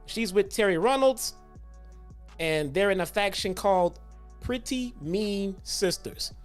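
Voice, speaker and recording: A man hosting a retro review show in a relaxed, profane way. He tells stories with growing animation, slipping in slang and restarts. Faint music plays in the background. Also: sits high, slow. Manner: casual, profane, animated storytelling. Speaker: host. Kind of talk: casual retro wrestling review.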